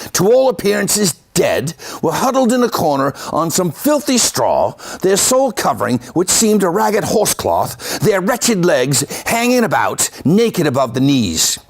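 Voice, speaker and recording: A man voicing a grim male British magistrate in a put-on Cockney accent, reading slowly and dramatically. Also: sits high, big pitch swings, breathy edge, full character voice. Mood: horrified.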